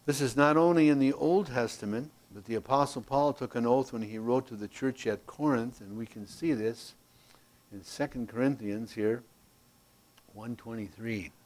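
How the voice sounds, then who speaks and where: A man teaching a Bible class from a handout, animated and folksy, with playful asides and loudness that swings from emphatic to hushed. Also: medium pitch, normal speed.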